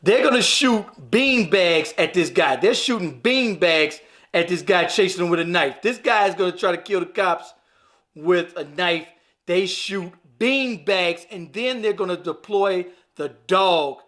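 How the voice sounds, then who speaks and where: A man's voice: high voice, animated, a little slow, fairly bright tone. A man hosting a livestream, commenting on videos in an emphatic way and repeating phrases over and over. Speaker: livestream host.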